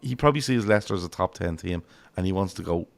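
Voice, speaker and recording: Irish male podcast host, low gravelly voice, rambling, sweary, chatty football talk. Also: animated, quick pace. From Ireland. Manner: rambling, swears freely, acts out quotes. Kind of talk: casual football chat.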